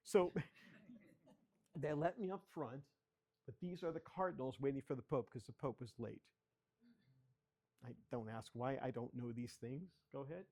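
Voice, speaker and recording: This guest speaker's darkish, mid-range voice moves at a moderate pace, broken often by pauses. An older photographer, he sits in a children's library area guiding a club through a slideshow of his photos, chatting away with stories and requesting each new slide.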